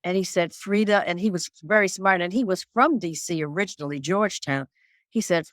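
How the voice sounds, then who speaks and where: An older woman from Detroit, a singer being interviewed, telling stories in an animated way and repeating phrases for emphasis. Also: on the low side, a little fast, no echo, clean studio sound. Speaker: guest singer. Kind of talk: casual interview chat.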